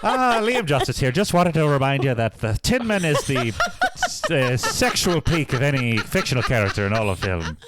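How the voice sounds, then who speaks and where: A man's voice: mid-range voice, big pitch swings, normal speed, heavy background noise, natural voice. A man doing a jokey put-on Irish accent as a gushing podcast fan, hammy and giggling. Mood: goofy, playful. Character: fan doing a cheeky fake Irish brogue.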